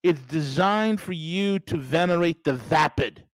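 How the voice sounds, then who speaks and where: A man's voice: a little high, measured pace, dry recording, rough recording. A man hosting a podcast, delivering a sarcastic, mocking political monologue with emphatic bursts. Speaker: podcast host.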